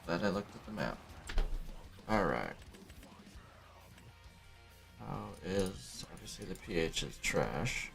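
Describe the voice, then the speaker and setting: A man with a very low, gravelly voice talks his way through a farming game in a relaxed, muttering way. Music plays clearly underneath him throughout. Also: takes it slowly, pauses often. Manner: low-key, muttering to himself while playing. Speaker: streamer playing a farming game. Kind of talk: casual gameplay commentary.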